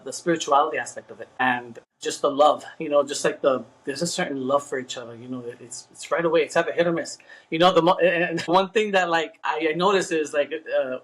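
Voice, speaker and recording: A man's voice: fairly high pitch, rough recording. A man chats easily as a podcast guest. He talks loosely, full of "you know" and "like" between his thoughts. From New York. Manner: relaxed, chatty, many fillers. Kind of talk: casual chat.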